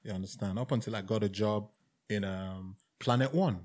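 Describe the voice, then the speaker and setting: Animated Nigerian man telling his story. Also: fairly low pitch, normal speed. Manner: animated storyteller, acts out quoted voices, says "bruv". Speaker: podcast guest, music executive. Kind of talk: casual interview storytelling.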